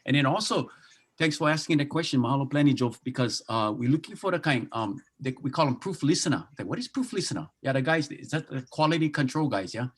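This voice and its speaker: A man's voice: medium pitch, animated, fast talker, husky. A man with a Hawaii Pidgin accent talking casually on a video call, easygoing and joking. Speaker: translation project speaker.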